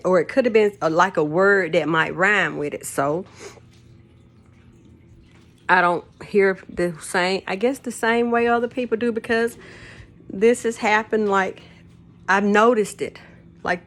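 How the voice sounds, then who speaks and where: A woman's voice: mid-range voice, takes it slowly, pauses often, fairly bright tone. Older lady rambling on in her kitchen, laughs a bunch, folksy way of talking. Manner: rambling, laughs often, folksy Southern turns of phrase. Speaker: vlogger. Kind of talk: casual storytelling to camera. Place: home kitchen.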